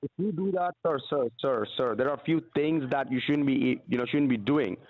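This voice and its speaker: Gravelly man on a tinny phone line. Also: medium pitch, normal speed. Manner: insistent, repetitive reassurances. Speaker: phone scammer. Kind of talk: phone call.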